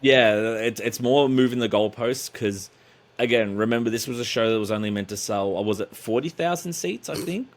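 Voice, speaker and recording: A man's voice: mid-range voice, normal speed. A man, a podcast guest who rambles and makes sarcastic jokes in casual chat.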